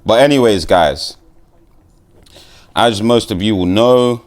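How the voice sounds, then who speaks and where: Deep-voiced man, sweary. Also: slow pace. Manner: swears freely, chatty, stop-start. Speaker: MMA vlogger. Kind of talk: casual chat to camera.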